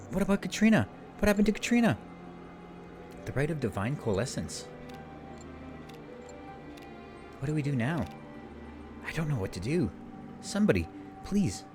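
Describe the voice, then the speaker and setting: A man's voice: on the high side, sing-song, normal speed, pauses often, over music, voice pushed up. A man voicing an anxious, earnest young princess in a pleading, raised voice as he reads game dialogue. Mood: distressed.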